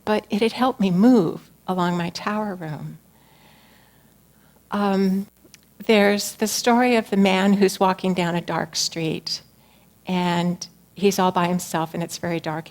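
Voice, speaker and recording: A woman shares a personal spiritual talk with her community in a gentle, earnest tone. Her voice sits at an ordinary middle pitch, and she speaks reflectively, at times softening to near a whisper. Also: unhurried.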